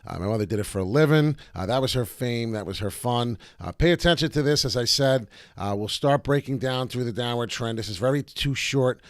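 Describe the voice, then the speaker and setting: A man hosting his own channel, chatting excitedly about crypto charts with lots of "uh" fillers and a voice that cracks now and then. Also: mid-range voice, brisk, no room sound, clean studio sound. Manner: breaks into loud off-key singing. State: voice cracking in the morning. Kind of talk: casual crypto chart commentary.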